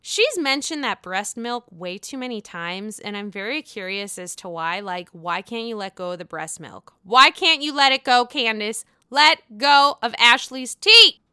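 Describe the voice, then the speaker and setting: A young woman giving a casual, profane recap of a reality show, sassy and chatty, slipping into quick mocking impressions of the cast. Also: a little high, bright, forceful tone, clear, resonant tone, dry recording, studio quality. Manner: sassy, profane, mimics cast members in quick put-on voices.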